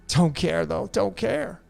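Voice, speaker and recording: A man hosting a show, answering listener questions in a rambling, animated casual monologue. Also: sits high, creaky. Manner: rambling, animated, with restarts and laughs. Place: in Mexico.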